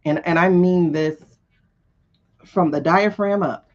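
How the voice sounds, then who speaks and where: Woman, casual live-stream tarot host, blunt and swears freely, lowish voice, slightly muffled lo-fi audio. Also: slow pace. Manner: blunt and animated, swears freely, laughs often.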